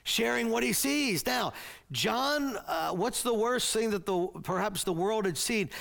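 A man preaching a sermon as pastor, earnest and emphatic, with halting restarts. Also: high voice, creaky, a bit bright.

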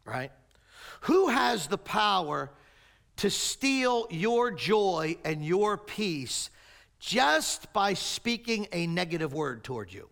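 A man preaching a sermon, swinging between raised emphatic lines and quiet low asides. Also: sing-song, slow pace, vocal fry. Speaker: pastor.

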